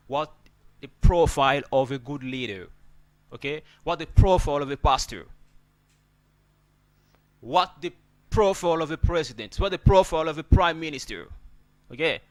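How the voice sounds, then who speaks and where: A man teaching an English pronunciation lesson, repeating words and checking in with "okay?" after nearly every point. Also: medium pitch.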